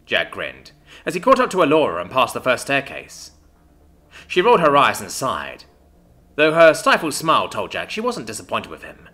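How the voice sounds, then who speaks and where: A man narrating a story in an expressive, storytelling manner. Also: mid-range voice, a little fast. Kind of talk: scripted narration.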